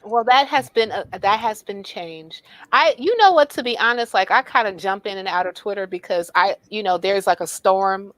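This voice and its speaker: A woman guest in a casual group chat, talking in an animated way and putting on mock offense. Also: medium pitch, moderate pace, few pauses, no room sound.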